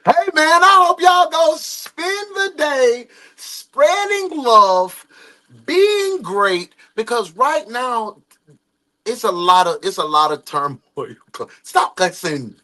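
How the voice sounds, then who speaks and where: A man giving casual, animated reaction commentary to a video, laughing and slipping into the voices of the people in the story. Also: very high-pitched.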